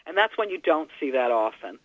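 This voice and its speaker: A man's voice: fairly high pitch, very animated, fairly quick, no room sound. A man chatting enthusiastically as a guest on a radio show, with a slightly rambling way of talking. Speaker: studio guest. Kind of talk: casual radio chat. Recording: slightly dull, dry radio sound.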